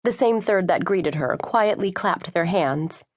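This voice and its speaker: A woman narrating a first-person novel as an audiobook, expressive storytelling. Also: lowish voice, a little slow. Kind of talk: scripted narration.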